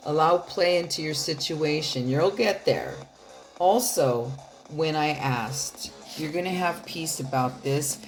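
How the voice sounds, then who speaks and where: A woman giving a casual tarot reading straight to her viewers, chatty and loose, swearing now and then and laughing often. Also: low voice. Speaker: tarot card reader.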